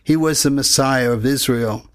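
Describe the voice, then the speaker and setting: A man preaching a sermon in an earnest, measured teaching manner, reading scripture passages aloud. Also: mid-range voice, dry recording.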